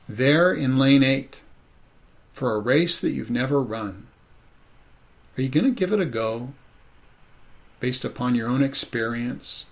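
A man's voice: medium pitch, gravelly. A man preaching a sermon as pastor, conversational and thoughtful, with many "you know" asides.

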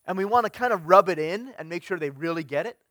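Middle-aged male preacher, fairly high voice, chatty delivery that fades at phrase ends, dry close recording. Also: expressive, fast, pushed and bright, dry recording. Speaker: pastor. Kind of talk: sermon.

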